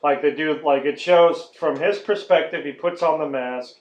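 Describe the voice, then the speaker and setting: A man's voice: fairly high pitch, normal speed. A man hosting a podcast, ranting in casual chat with frequent swearing and mocking impressions. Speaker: podcast host. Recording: echoey lo-fi room recording.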